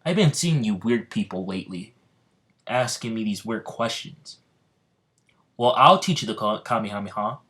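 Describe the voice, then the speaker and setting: A man's voice: fairly low pitch, animated, moderate pace, a bit bright. A man voicing a carefree, fight-loving male martial-arts hero who talks bluntly and simply. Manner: blunt, simple, matter-of-fact.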